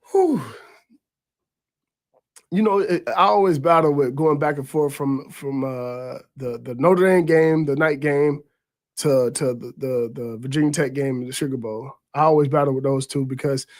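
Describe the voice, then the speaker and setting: A man in his thirties, a former quarterback, telling game stories in casual sports talk, repeating words as he goes and jumping high in pitch when he quotes others. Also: moderate pace. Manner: repeats words while gathering thoughts.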